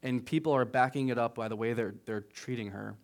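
A man preaching a casual, conversational sermon as pastor, often checking in with "right?", getting animated on asides and dropping quiet on serious points. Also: fairly quick. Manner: conversational, keeps asking "right?"; rises animated at asides, drops low on solemn points.

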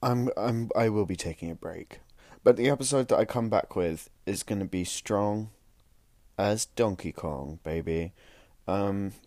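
A man's voice: on the low side, a little slow, darkish tone, no room sound, clean studio sound. A young man hosting a solo podcast, rambling and joking at himself while tired and worn out. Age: young adult. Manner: rambling, self-mocking, tired. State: exhausted. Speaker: podcast host. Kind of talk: casual solo podcast chat.

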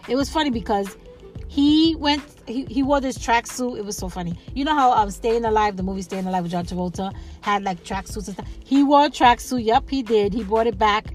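A woman's voice: fairly high pitch, fairly quick, faint music behind. A woman hosting a casual solo podcast, chatting in a rambling way with lots of fillers, restarts and laughs. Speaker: podcast host.

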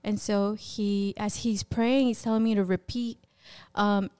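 A young woman telling her faith testimony as a podcast guest, in a casual, animated way, acting out the voices she remembers and laughing often. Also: mid-range voice, a little slow, clean tone. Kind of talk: personal testimony in casual conversation.

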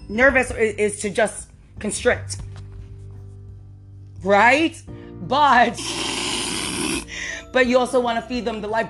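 A woman's voice: mid-range voice, fairly bright tone. A woman hosting a casual solo podcast, rambling with fillers and laughing easily. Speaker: podcast host.

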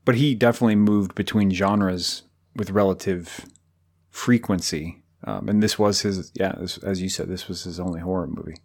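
A man's voice: deep voice, steady tone, normal speed, darkish tone. A man co-hosting a podcast, talking casually about films in a rambling, jokey way with lots of fillers. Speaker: podcast co-host. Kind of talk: casual film discussion.

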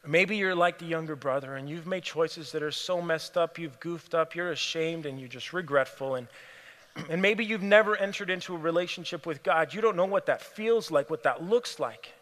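A man preaching a sermon, telling a story in an earnest way and often dropping to a hushed, near-whispered voice. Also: fairly high pitch, normal speed. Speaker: pastor. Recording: long hall reverb.

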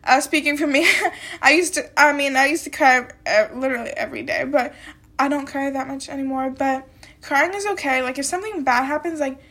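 Young female podcast host with a high voice and a bit of a cold, talks in loose, rambling chat. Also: fairly even intonation, fairly quick, fairly bright tone. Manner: rambling, chatty, heavy use of "like" and "um". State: has a little cold. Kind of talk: casual solo podcast talk.

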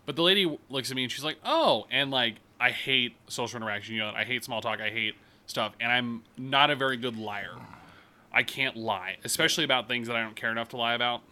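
Young man, very bright tone, casual podcast chat, sarcastic storyteller who swears a lot. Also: medium pitch, fast. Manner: rambling, profane, sarcastic storytelling.

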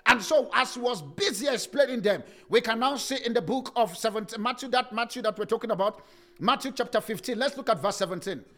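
A man preaching a sermon with passion, swinging into sing-song cadences and rising to shouts. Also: very high-pitched, lively intonation, brisk.

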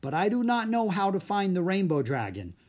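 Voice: mid-range voice, brisk, pitched above the performer's own voice. A reader voicing a shy but brave young village boy in a storybook audiobook. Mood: earnest. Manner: earnest, rising with excitement. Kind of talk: audiobook character reading.

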